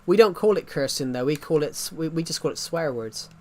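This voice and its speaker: Rambling streamer, fairly high voice. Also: male voice, lively intonation, brisk, darkish tone. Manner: rambling, restarts and stumbles often. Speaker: livestreamer. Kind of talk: casual stream chat.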